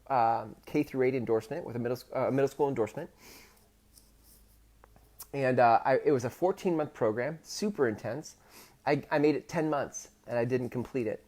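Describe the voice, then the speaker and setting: Guy in his 30s telling a story from his childhood on his podcast, middle-pitched voice, lots of stops and restarts. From Pacific Northwest of the US. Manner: halting, many restarts, gets loud and emotional when retelling. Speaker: podcast host. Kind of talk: personal storytelling monologue.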